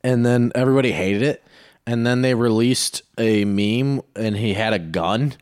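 A man's voice: mid-range voice, normal speed, darkish tone, clean tone, no room sound, clean studio sound. A man co-hosting a comedy podcast, chatting casually with crude, offhand swearing. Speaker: podcast co-host.

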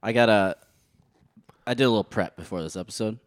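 A man's voice: on the low side, a little fast, no echo, studio quality. A man co-hosting a comedy podcast, bantering in a playful, mock-outraged way. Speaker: podcast co-host. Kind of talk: casual comedy podcast chat.

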